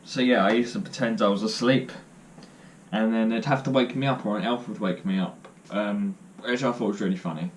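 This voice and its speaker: There's a little background noise as a young vlogger, voice on the low side and pace a bit quick, tells casual stories to the camera. He pokes fun at himself, drifts loosely, and leans on filler words like um and uh.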